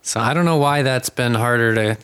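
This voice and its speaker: A man co-hosting a podcast, laid-back, giving dry short replies and telling his own stories calmly. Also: medium pitch, brisk, smooth. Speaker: podcast co-host. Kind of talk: casual chat.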